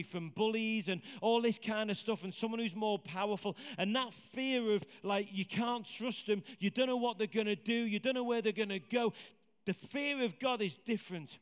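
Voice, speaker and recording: A man preaching a sermon in a conversational, animated way, asking the congregation questions. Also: sits high, clear, resonant tone. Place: church hall with congregation. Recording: hall reverb.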